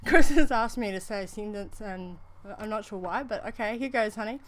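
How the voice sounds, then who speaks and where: New Zealand woman, livestream co-host, rambling, affectionate, mid-pitched. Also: brisk, slight background noise. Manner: rambling, chatty, calls people honey, laughs often. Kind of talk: casual livestream chat.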